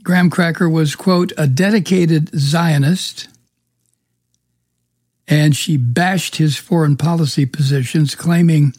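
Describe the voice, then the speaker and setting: A man hosting a political talk show, sardonic and rambling with many fillers, with a weak husky voice. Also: on the high side, fairly even intonation, slow pace, a little mellow, no echo, studio quality. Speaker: radio talk show host. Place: home studio in the mountains.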